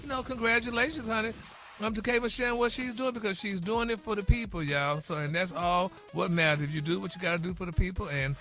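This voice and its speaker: A man dishes celebrity gossip on a morning radio show, and his voice sits high for a man. His tone is bright and sharp. He is sassy and opinionated, drops "honey" and "y'all" into every line, and argues back at his co-hosts. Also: fast talker, soft background music. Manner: animated, opinionated, bickers with co-hosts.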